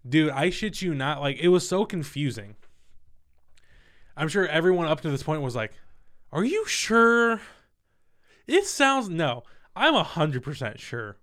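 A young man in his twenties telling a personal story in casual, profane, animated talk. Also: fairly high pitch, moderate pace. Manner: candid, profane, animated retelling.

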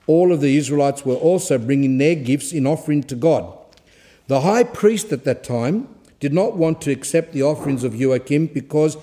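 A man with a mellow, fairly high voice gives a religious talk. He reads passages out slowly, then breaks off to explain them in quick asides. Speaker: Orthodox speaker giving a talk. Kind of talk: reading aloud and explaining a saint's life in a talk.

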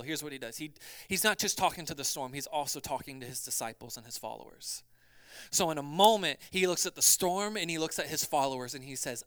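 A man preaching a sermon as pastor, swinging between loud urgency and quiet, hushed passages. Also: on the high side, fast, clean tone, dry recording.

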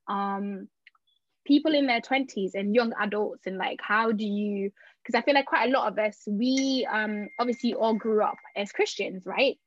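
A young woman hosts a podcast in a chatty, casual way, her voice a touch high. She laughs easily and often restarts mid-sentence. The sound is dry and a little dull, like a lo-fi recording. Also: dry recording. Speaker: podcast host.

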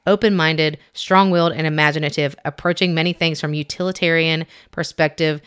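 A woman's voice: low voice, fairly even intonation, a bit bright, clean tone. A woman co-hosting a podcast, chatting casually and reading a personality test aloud with stumbles and giggles. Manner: chatty, reads haltingly with giggles and self-corrections. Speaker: podcast co-host.

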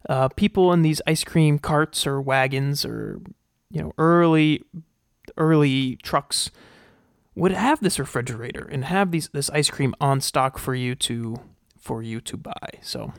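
A man's voice: a little high, clean tone, no room sound, clean studio sound. A man hosting a casual solo podcast, thinking aloud with many fillers and restarts and reading research aloud. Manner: reads research aloud and comments on it. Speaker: podcast host.

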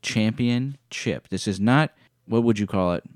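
A man's voice: on the low side, brisk, darkish tone, no room sound, clean studio sound. A man co-hosting a podcast, bantering casually and teasing his partner in a playful way. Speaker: podcast co-host. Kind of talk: casual chat.

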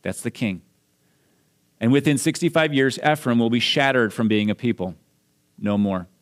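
A man's voice: medium pitch, normal speed. A man from Minnesota, a pastor giving a sermon, explaining scripture verse by verse in a conversational way.

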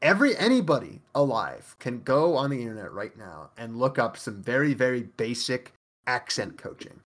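A man's voice: mid-range voice, big pitch swings, normal speed, fairly bright tone. A man co-hosting a podcast, ranting animatedly in casual review chat, swearing and laughing often. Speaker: podcast co-host.

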